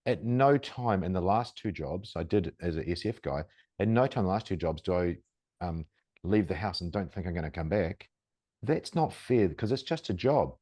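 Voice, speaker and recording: A man's voice: low-pitched, animated, moderate pace, warm tone, no echo, clean studio sound. A man hosting a podcast interview, talking in a conversational, rambling way and praising his guest. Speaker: podcast host. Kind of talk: casual interview talk.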